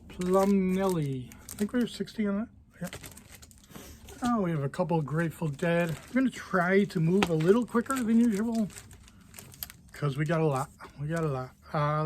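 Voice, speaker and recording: A record store owner walking through new arrivals in a casual, offhand way, quickly listing titles and prices. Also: male voice, a little high, darkish tone, a little hiss or hum. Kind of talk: casual product walkthrough.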